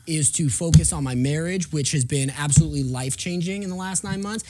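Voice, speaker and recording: A man's voice: on the high side, a little fast, mellow. A man in his thirties telling his own stories in casual chat, candid and blunt, swearing often, with frequent restarts.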